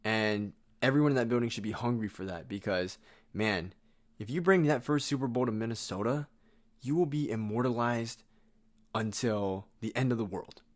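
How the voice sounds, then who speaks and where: A man's voice: medium pitch, moderate pace. A man hosting a sports podcast, delivering a blunt, exasperated and sarcastic rant. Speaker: podcast host.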